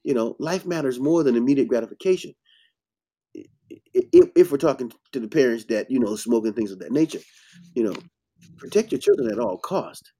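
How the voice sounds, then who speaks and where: Blunt, preachy man with a mellow voice. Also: medium pitch, sing-song, a little fast, creaky, husky. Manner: blunt, preachy, emphatic bursts. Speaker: herbalist host. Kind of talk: casual health talk.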